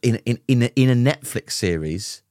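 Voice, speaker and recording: A man's voice: medium pitch, animated, moderate pace, a little mellow, no echo. A man co-hosting a podcast in casual chat, making wry, dry quips. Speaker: podcast co-host.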